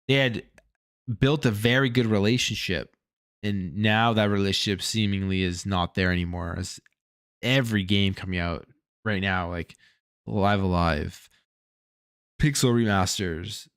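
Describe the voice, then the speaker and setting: Tired Canadian male streamer, Canadian accent, low voice, rambling and chatty, dry close sound. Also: steady tone, normal speed, smooth, dry recording. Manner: rambling, thinks aloud, chats with viewers. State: tired after a long workday. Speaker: gaming channel host. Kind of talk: casual livestream chat.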